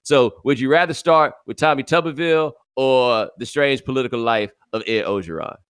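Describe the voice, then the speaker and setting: A man hosting a podcast, telling stories and chatting about sports in a lively, casual way. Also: medium pitch, moderate pace, smooth, no room sound. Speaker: podcast host.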